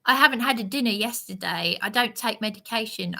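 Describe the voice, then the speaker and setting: A woman rambling through a live monologue, preaching and sounding aggrieved as she answers a commenter in a slow, halting way. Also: mid-range voice, vocal fry, pushed and bright.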